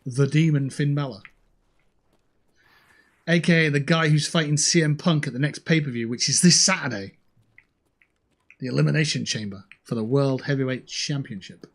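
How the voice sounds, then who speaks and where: A man chatting casually on a gaming livestream, joking and swearing at opponents while he plays and talking into a headset mic. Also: fairly high pitch. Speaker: streamer playing a shooter game.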